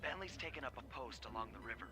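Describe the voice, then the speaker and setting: A man's voice: medium pitch, lively intonation, fast, close to an everyday voice. A man playing a wry raccoon thief giving orders. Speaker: video game character. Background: game music.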